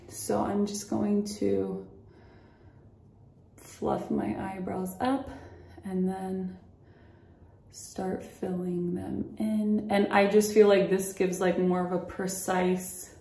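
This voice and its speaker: A young woman talks slowly through her makeup routine, a little out of breath and leaning on fillers as she shows each step. Her voice sits in a middling pitch and bounces around an echoey room at home. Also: gravelly, a little mellow. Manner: chatty, filler-heavy, demonstrating as she goes. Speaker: beauty vlogger. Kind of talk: casual makeup tutorial. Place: at home by a mirror.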